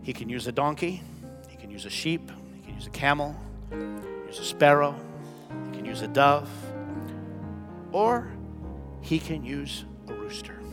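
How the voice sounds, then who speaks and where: Male pastor, sermon delivery, hushed-to-loud swings; slightly high voice, reverberant hall. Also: lively intonation, a little slow, pauses often. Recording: long church reverb with soft music.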